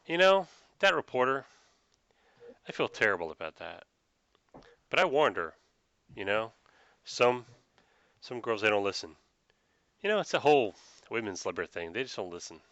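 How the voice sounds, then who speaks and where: A man voicing a suspicious, tipsy old rural farm woman who rambles in a folksy, gruff way about meddlers. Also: lowish voice, sing-song, moderate pace, long pauses, fairly bright tone, no room sound, highs cut off. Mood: grim. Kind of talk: tabletop role-play voice.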